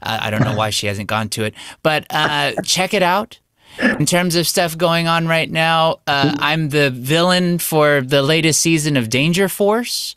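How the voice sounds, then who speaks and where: A man's voice: fairly high pitch, unhurried, a bit bright, dry recording. A man, a voice actor, chatting casually on a video call with dry, self-mocking humor. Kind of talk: casual panel chat.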